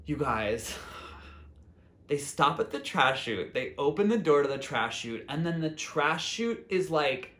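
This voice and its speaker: A man's voice: fairly high pitch, lively intonation, measured pace, bright, forceful tone. Rambling man telling a story. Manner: rambling, full of "like" fillers and self-quotes. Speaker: vlog host. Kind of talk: casual storytelling to camera.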